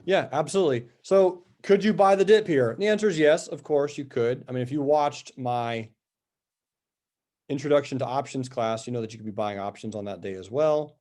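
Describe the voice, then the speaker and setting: A man's voice: medium pitch, moderate pace, darkish tone. A man hosting a live trading show, going over stock charts with upbeat, chatty commentary and answering viewer questions.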